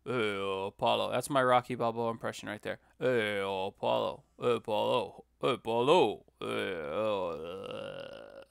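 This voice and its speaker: A man doing an impression of a mumbling male boxer calling out to his rival, slurred and low. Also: unhurried, vocal fry, dry recording, clean studio sound.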